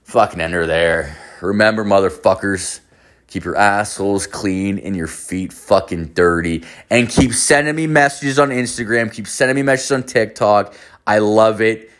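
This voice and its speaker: A man's voice: lowish voice, moderate pace, fairly bright tone. A man in his late thirties hosting his own show, telling a rambling, profane story full of fillers and swearing. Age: late 30s. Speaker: podcast host.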